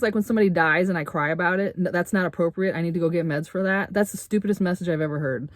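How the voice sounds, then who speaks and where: A middle-aged woman vents to her camera in a fired-up, swearing rant, throwing out sarcastic rhetorical questions and getting loud. Her voice sits on the low side. The sound is dry and close, with no room in it. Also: fast, hardly any pauses, no room sound. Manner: heated, swearing, rising to loud outbursts. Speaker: vlogger. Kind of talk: angry personal rant to camera. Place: RV interior.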